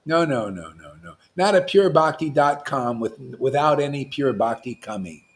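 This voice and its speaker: A man, a spiritual teacher, giving an informal devotional talk, provocative and animated, swinging from loud bursts to hushed asides and laughing often. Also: medium pitch, normal speed.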